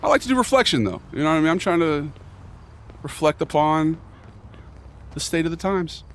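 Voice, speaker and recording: A man's voice: fairly high pitch, animated, moderate pace, fairly bright tone, slight background noise. Rambling, joking streamer guy. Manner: rambling, joking bro talk with mock earnestness. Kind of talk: casual chat while playing a game.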